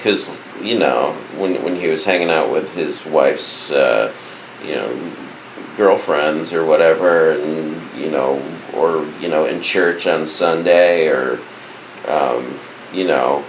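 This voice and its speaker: A man co-hosting a podcast in casual chat. He talks haltingly, with many stops and restarts. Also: very deep voice, echoey room, slight background noise, rough recording. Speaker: podcast co-host.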